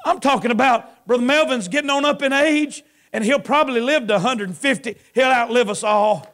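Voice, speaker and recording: A middle-aged man preaching a sermon at a camp meeting, moving between impassioned shouting and hushed storytelling. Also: extremely high pitch, a little fast. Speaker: pastor.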